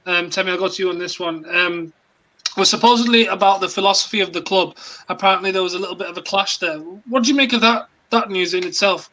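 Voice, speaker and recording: A man hosting a football fan discussion on a video call, lively and steering the chat between panelists. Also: high voice, poor audio. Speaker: show host.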